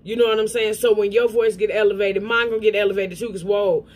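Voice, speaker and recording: A woman giving blunt, profane reaction commentary on a clip, with a mellow tone. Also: mid-range voice, fairly even intonation, quick pace.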